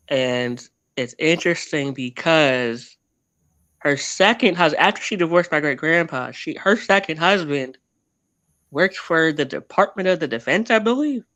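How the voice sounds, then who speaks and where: A man's voice: a little high, a bit bright, no room sound. A man telling his family history as a guest in a casual interview, rambling and often correcting himself mid-sentence.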